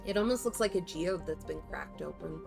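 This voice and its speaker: A woman's voice: lowish voice, fairly quick, creaky, music in the background. A woman streamer giving chatty, self-interrupting commentary while playing a game.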